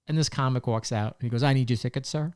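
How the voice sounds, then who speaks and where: A man's voice: mid-range voice, fast talker, darkish tone, clear, resonant tone. A man co-hosting a podcast, telling long rambling stories and acting out the people he quotes. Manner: rambling storyteller, acts out quotes. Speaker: podcast co-host. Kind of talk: casual chat.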